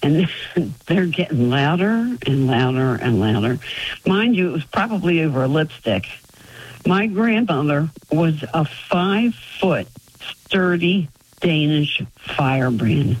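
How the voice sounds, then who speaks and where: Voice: mid-range voice, lively intonation, slow pace, rough recording. A caller from Florida telling a family story on a radio call-in show, chuckling often. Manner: storytelling, warm with frequent chuckles.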